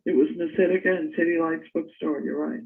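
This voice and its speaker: An older woman telling stories in a casual interview, animated and laughing as she recalls. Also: sits low, quick pace. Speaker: interview guest. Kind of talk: casual storytelling. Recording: tinny phone-like line.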